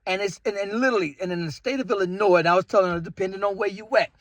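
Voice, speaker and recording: A man's voice: high voice, rapid-fire, dry recording. A man in his thirties from the Chicago area, ranting casually about dating and acting out bits of the story. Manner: animated, jumps into quoted voices. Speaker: vlogger.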